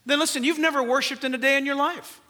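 An older man preaching a sermon in a high, nasal voice, earnest and emphatic, with rhetorical questions and touches of humor. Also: fairly even intonation, fast talker, sharp tone. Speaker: pastor.

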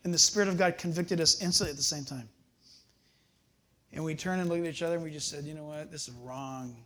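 An older man preaching a sermon, telling stories with animated, chuckling asides. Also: a little high, fast, slight background noise. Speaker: pastor.

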